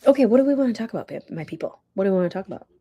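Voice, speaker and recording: A woman's voice: medium pitch, animated, racing, slightly rough, lo-fi sound. A woman hosting a casual livestream from home, chatting and rambling to viewers while eating dinner. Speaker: livestream host.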